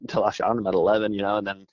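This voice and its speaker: A man guest telling a story with excited energy, rambling fast and saying "dude" constantly, calling in by phone. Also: lowish voice, no room sound. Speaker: podcast guest. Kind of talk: animated storytelling. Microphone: phone call. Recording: dull phone line.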